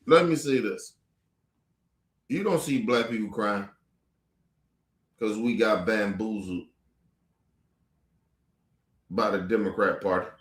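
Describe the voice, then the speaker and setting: A man's voice: fairly low pitch, slow, pauses often, roomy sound. A man hosting a commentary show, ranting angrily and profanely at clips with mocking rhetorical questions. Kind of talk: profane angry reaction rant.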